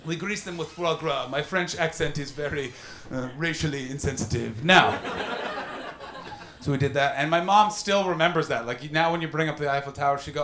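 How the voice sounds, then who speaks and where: A man in his thirties doing a stand-up comedy set, telling animated stories and teasing the crowd. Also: on the high side, moderate pace, slight background noise. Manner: animated storytelling, mocking crowd work with put-on voices. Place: comedy venue with live audience. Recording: roomy live venue echo.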